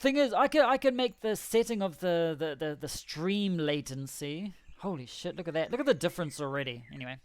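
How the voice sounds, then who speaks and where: A man's voice: on the high side, animated, brisk, hardly any pauses, no room sound. A man chatting casually on a game livestream, rambling, joking and correcting himself as he goes. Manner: rambling, jokey, self-correcting. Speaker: game streamer.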